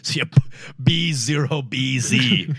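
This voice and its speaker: A young man telling crude stories in casual podcast banter, animated and putting on voices as he goes. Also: mid-range voice, slow, slightly rough, no echo. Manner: animated storytelling with put-on voices and laughs. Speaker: podcast co-host.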